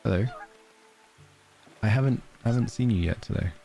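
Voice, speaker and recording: This Australian streamer reads in-game letters aloud with giggles while casually chatting through a cozy game, let's-play fashion. He speaks at normal speed with a medium-pitched, creaky voice of dark tone, and faint music plays behind him.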